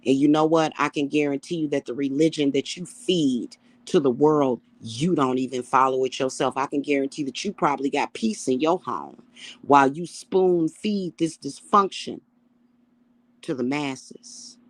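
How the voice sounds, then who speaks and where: A middle-aged woman, a self-styled high priestess, ranting to her viewers in a casual, emphatic and profane way. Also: moderate pace, no echo. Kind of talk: casual spiritual rant to camera.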